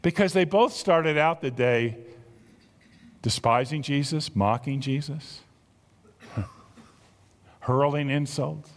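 A man with a South Jersey accent preaching a sermon, animated and exclamatory, full of rhetorical questions. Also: on the high side, slow pace, pauses often, in a large hall. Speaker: pastor.

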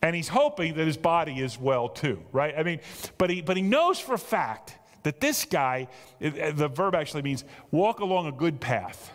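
Animated pastor preaching in a reverberant hall. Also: male voice, fairly high pitch, moderate pace. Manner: animated and emphatic, building to excited peaks. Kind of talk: sermon. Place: large church hall. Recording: long church reverb.

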